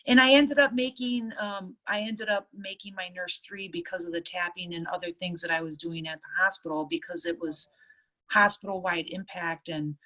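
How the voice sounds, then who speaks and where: A woman nurse telling stories from her work in a casual interview, lively and acting out what others said. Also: fairly low pitch, normal speed. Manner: lively storyteller, acts out others' lines. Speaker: nurse and EFT tapping practitioner.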